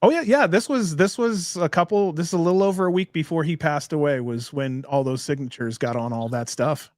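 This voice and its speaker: Laid-back man, slightly high, dry sound. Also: brisk, no echo. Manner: laid-back, laughing storyteller with profanity. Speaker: interview host. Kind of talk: casual conversational interview.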